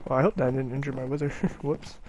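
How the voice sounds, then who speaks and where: A man's voice: medium pitch, a little fast. A man commenting on his own gameplay, often frustrated and exclaiming, with mild cursing. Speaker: gamer. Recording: loud background noise with clicks.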